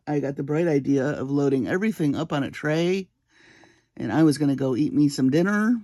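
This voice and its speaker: A woman crafter tells a story from her home bead room in the small hours, talking slowly and at an easy pace. She pokes fun at herself and keeps breaking into laughter. Her voice sounds close and dry, with no room echo. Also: deep voice, mellow. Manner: chatty, self-deprecating, often breaks into laughter. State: awake at three in the morning. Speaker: jewelry-making channel host. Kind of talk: casual vlog storytelling.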